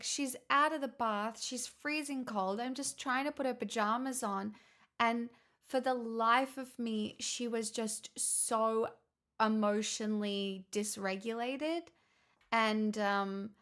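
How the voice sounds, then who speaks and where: A woman's voice: medium pitch, a bit bright. A woman streamer in casual chat, rambling and laughing often as she tells stories.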